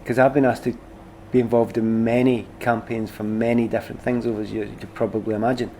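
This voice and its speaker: A middle-aged man with a Glasgow Scottish accent, a former footballer being interviewed, telling stories in a lively, self-deprecating way. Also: mid-range voice, quick pace, a little hiss or hum. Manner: animated, self-deprecating storyteller. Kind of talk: casual conversation.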